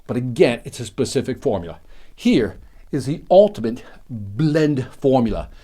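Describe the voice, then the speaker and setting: A middle-aged man teaching a sales seminar, excitable and emphatic, speaking straight to his listeners. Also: medium pitch, moderate pace, husky. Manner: animated, excitable, emphatic, talks to the listener directly. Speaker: sales trainer.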